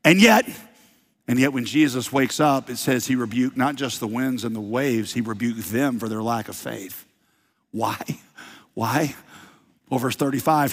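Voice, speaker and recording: A man preaching a sermon, telling the story with big swings from quiet asides to shouted lines. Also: mid-range voice. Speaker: pastor. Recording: long hall reverb.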